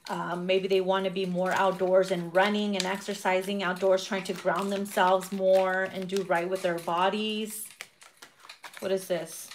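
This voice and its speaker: A woman's voice: mid-range voice, flat delivery, unhurried, noisy background. A woman giving a casual tarot reading who swears freely, laughs often and acts out quotes. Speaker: tarot reader.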